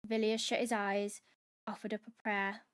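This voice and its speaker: A woman hosting a book club, reading a novel aloud in steady dramatic narration. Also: medium pitch, moderate pace, smooth.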